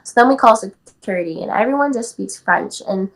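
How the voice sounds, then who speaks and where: An eighteen-year-old Californian athlete, a guest on a podcast, tells a personal story casually and chattily, full of "like" and "um." Her voice is a little high, animated, and fairly quick. The recording quality is low.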